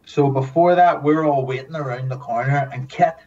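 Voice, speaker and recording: A man telling lively, profane stories as a podcast guest, acting out the people in them. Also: mid-range voice, fairly quick, distant mic, highs cut off. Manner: animated, swears often, acts out quotes. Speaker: guest, former TV extra. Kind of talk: casual storytelling.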